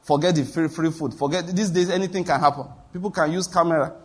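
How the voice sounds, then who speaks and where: A man's voice: a little high, steady tone, fast talker, slightly rough. A man preaching a sermon as a pastor, telling stories and acting out the voices of the people in them. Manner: storytelling, acts out quoted voices, laughs at his own anecdotes.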